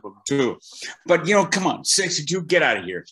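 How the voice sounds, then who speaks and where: A man's voice: on the high side, a little fast, background noise. An older man, a voice acting teacher, talking animatedly as an interview guest, with frequent restarts. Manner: animated storyteller, many restarts. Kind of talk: conversational interview.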